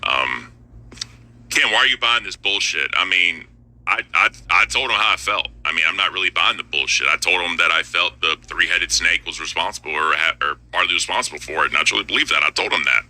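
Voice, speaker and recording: Deep, bright-toned laid-back man. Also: a little fast, no room sound, poor audio. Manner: laid-back, repetitive, says bro. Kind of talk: casual live-stream chat.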